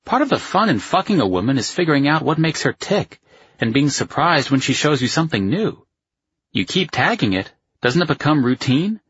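A man voicing a brash, crude young friend who teases and swaggers, raised and loud. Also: fairly high pitch, big pitch swings, normal speed, breathy edge, no room sound, muffled recording, voice pushed up, heavily acted. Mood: brash, teasing.

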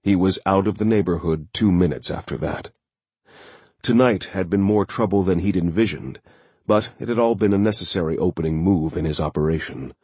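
A man narrating a thriller audiobook in a steady, measured way. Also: low voice, husky, no room sound.

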